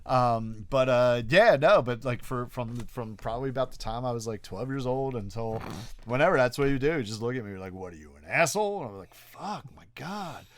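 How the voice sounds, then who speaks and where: A man's voice: medium pitch, fairly quick, dry recording. A middle-aged man with a Philadelphia-area accent tells stories in a rambling, swearing, filler-packed way, as a casual podcast co-host. His voice is dry and close, with no room sound around it. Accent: Philadelphia-area American. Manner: rambling, profane storytelling with many fillers. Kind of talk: casual chat.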